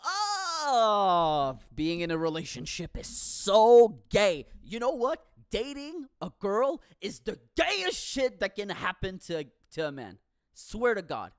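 A man in a profane comic rant, animated and swearing, with bursts of shouting. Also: sits high, no echo, clean studio sound.

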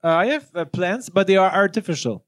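A man's voice: sits high, lively intonation, fairly quick. A man with a Quebec French accent, a native French speaker, hosting a casual podcast chat in English with many hesitations and frequent laughter. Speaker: podcast host.

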